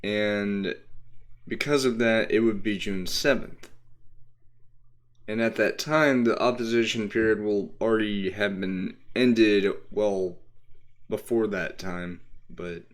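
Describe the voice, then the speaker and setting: Slow, low-voiced streamer man from Texas. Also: fairly even intonation. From Texas, USA. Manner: rambling, answers chat, many fillers. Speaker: game streamer. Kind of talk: casual live-stream chat.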